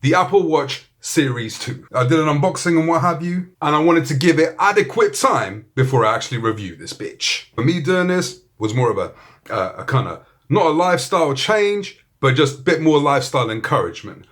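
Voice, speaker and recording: A man's voice: a little high, big pitch swings, brisk, fairly bright tone. A man with a British accent giving a casual, joking gadget review, full of swearing and banter. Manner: profane, joking, laid-back. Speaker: tech reviewer.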